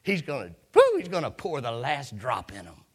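A man's voice: medium pitch, wildly swooping pitch, moderate pace, slightly rough. A man preaching a sermon, telling a story with emphatic delivery and repeated hallelujahs.

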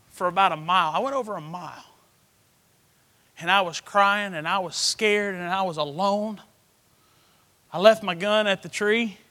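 A middle-aged man, preaching a sermon through a personal story, swinging from hushed to loud. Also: sits high, big-room sound.

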